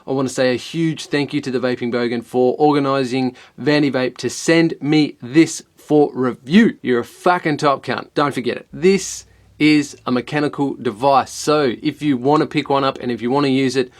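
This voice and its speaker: A man's voice: medium pitch, steady tone, normal speed. A man with a broad Australian accent hosting a casual product review, swearing constantly and laying on heavy slang. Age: adult with children. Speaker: host of a vape hardware review show.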